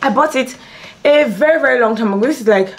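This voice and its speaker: A woman's voice: high voice, fast, a little hiss or hum. A young woman in a casual behind-the-scenes vlog, chatting playfully to her viewers while getting ready at home. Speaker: beauty and lifestyle vlogger. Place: at home, among her filming lights.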